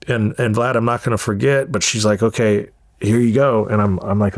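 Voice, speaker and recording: A man's voice: on the low side, fairly even intonation, moderate pace, few pauses, no echo. A man in his forties from Southern California, a guest telling his life story in an interview, with a candid, profane, repetitive way of talking. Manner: candid, profane, repeats words as he goes.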